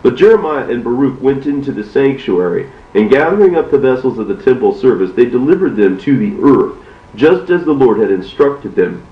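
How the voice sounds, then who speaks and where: Man reading scripture, lively pitch, roomy and far from mic. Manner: measured, steady reading. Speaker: reader. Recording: distant, roomy, dull recording.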